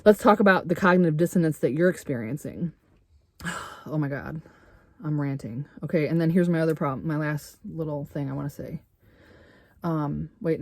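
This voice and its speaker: A middle-aged woman vlogging a heated, swearing rant with sarcastic rhetorical questions, getting loud at times. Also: low voice, moderate pace, no echo. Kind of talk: angry personal rant to camera. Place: RV interior.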